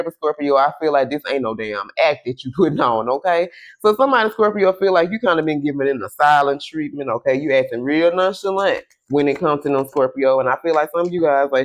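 A man giving a casual tarot reading to camera. He keeps checking in with "okay?" and "y'all", swears freely, and draws his questions to Spirit out slowly while he shuffles. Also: fairly high pitch, animated, a little hiss or hum. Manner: chatty, tags lines with "okay?" and "y'all". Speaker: tarot reader.

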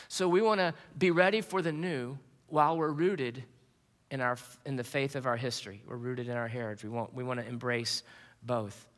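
Bright-voiced preacher in a reverberant hall. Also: male voice, mid-range voice, moderate pace. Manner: earnest storytelling preacher with restarts. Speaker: pastor. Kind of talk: sermon. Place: church sanctuary.

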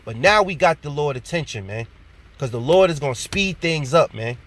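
A man giving an informal sermon. He reads scripture slowly, repeats his points and ends many phrases with "man". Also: on the high side, animated, a bit bright. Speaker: preacher.

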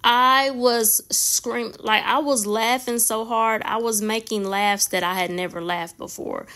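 A hoarse woman hosting her nail channel, chatting casually and directly to her viewers. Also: mid-range voice, steady tone, normal speed, a bit bright. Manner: chatty, talks straight to viewers with frequent "y'all". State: hoarse, voice nearly gone.

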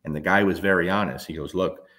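A man who trains dogs, telling stories in a casual, animated way. He swears now and then and briefly acts out his dogs and friends. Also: sits low, fast. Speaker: dog trainer. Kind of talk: casual storytelling talk.

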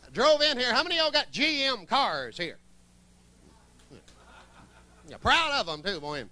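Southern male stand-up comic, folksy and wisecracking, high bright voice. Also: sing-song, fairly quick. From Columbus, Georgia, US. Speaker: stand-up comedian. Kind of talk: stand-up comedy set. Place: comedy club stage.

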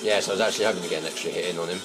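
A man's voice: deep voice, steady tone, very fast. Sweary male let's play commentator. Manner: sweary, playful. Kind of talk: casual game commentary. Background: game music.

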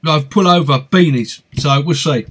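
Speaking at a normal pace, this man has a slightly high, somewhat bright voice with a touch of roughness. He hosts a fishing channel's live Q&A stream in an East London accent, cheerfully chatting, reading out comments and saying hello to viewers by name.

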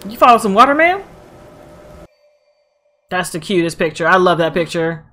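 Excitable woman reacting to anime. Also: on the low side, moderate pace. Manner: excitable, cursing, talks back to the screen. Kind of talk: casual reaction commentary.

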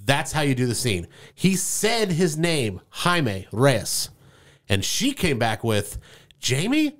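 A man's voice: mid-range voice, a little slow. A man co-hosting a movie podcast, talking animatedly and acting out quoted lines in casual chat. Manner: animated, acts out quoted lines, laughs often. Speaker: podcast co-host.

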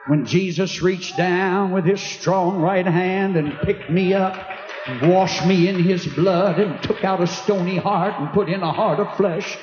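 A preacher voicing a plainspoken male farmer deacon, speaking in slow, low, folksy country talk within a sermon. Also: fairly even intonation, a little mellow, faint music behind. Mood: reverent. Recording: echoey hall, dull sound, audience.

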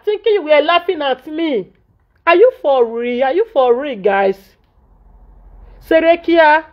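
A woman's voice: sits high, expressive, a little slow. A Nigerian woman vlogger, venting in Pidgin English and scolding repetitively in an indignant tone. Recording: dull lo-fi audio.

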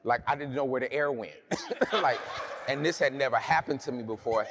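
A man delivers a sermon built around a personal story. He talks in a loose, chatty way and often stops to restart a sentence. His speaking voice sits at an ordinary male pitch. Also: a little fast, noisy background. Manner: conversational, humorous storytelling with many restarts. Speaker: preacher.

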